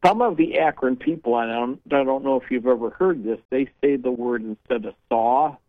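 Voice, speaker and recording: A man's voice: mid-range voice, a little fast, dry recording. Chatty male caller on a phone line. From Northeast Ohio. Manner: chatty, storytelling, blunt. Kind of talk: casual call-in chat.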